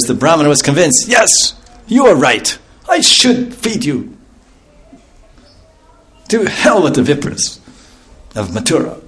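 A man telling a devotional story to an audience in a lively, animated way, laughing often and breaking into loud chanted calls. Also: medium pitch. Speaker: storytelling speaker at a devotional class.

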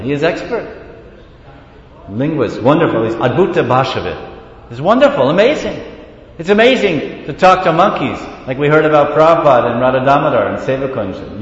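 A man giving a devotional scripture class, reading passages and retelling stories in an animated way. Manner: storytelling, switches between reading and animated retelling. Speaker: lecturer on scripture. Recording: echoey hall, dull low-fi sound.

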